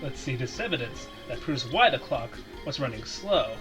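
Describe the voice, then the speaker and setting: A man's voice: mid-range voice, expressive, moderate pace, music in the background, natural voice, poor audio. A man voicing a young, earnest rookie male defense lawyer with a dramatic delivery.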